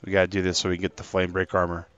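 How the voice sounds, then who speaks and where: Chatty man, live-stream game chat, lowish voice, muffled recording. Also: monotone, racing, a bit bright, faint music behind. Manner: chatty and rambling, talking to chat.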